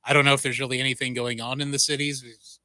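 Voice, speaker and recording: Male co-host, very bright tone, dry studio, self-deprecating chatter. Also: mid-range voice, flat delivery, fast talker, dry recording. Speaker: radio co-host. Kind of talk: casual radio chat. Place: radio studio.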